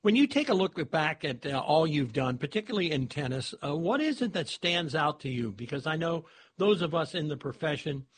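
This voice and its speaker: A man's voice: on the high side, sing-song, fairly quick, slight background noise. A man hosting a sports radio show, interviewing a guest and telling his own stories in a conversational way. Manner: conversational, with fillers and restarts.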